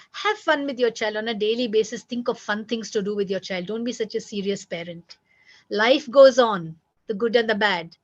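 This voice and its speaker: A woman giving parenting advice, emphatic and repetitive, acting out children's words as she teaches. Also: a little high. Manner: emphatic, repeats key points, acts out children's lines. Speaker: parenting coach. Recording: dull lo-fi recording.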